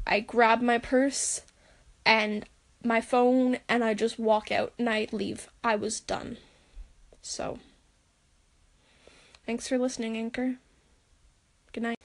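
A young woman with a slightly high voice talks into her phone, recording a personal audio diary. She sounds emotional and halting, sighing and breaking off mid-sentence as she tells her story. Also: fairly even intonation. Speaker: podcaster.

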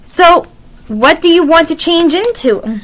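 A woman's voice: very high-pitched, expressive, measured pace, voice pushed up. Annie, an eager young girl, read by a woman.

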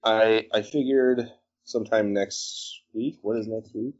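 A man's voice: fairly low pitch, steady tone, measured pace, dull audio. A man in his thirties chatting casually on a call, joking and rambling with a self-deprecating streak. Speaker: podcast host. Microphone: phone call.

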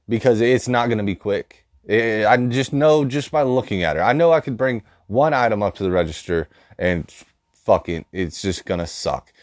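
A man rants bluntly about his day, swearing constantly. His voice sits a little low. The recording is dry and close, with no room echo. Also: darkish tone. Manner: angry, heavy swearing, blunt. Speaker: vlogger. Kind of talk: profane storytelling rant.

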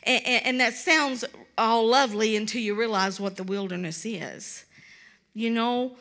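A woman's voice: on the high side, measured pace, fairly bright tone. A woman from Kentucky with a Kentucky accent, preaching an earnest, pleading sermon and repeating words for emphasis.

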